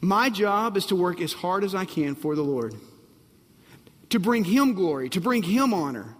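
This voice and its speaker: Man, pastor, sermon, emphatic, repeats phrases, slightly higher voice, long hall reverb. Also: big pitch swings, moderate pace. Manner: emphatic, repeats phrases, asks the audience if they're ready.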